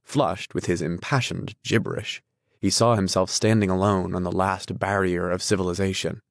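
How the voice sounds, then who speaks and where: A man narrating a novel in a measured, steady reading voice. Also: sits low, gravelly, no room sound, clean studio sound. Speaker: audiobook narrator.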